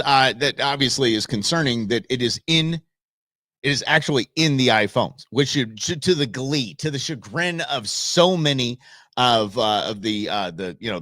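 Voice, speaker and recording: A man's voice: on the low side, sharp tone, dry recording, clean studio sound. A man hosting a live commentary show, talking in a rambling, chatty way with many restarts. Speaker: talk show host.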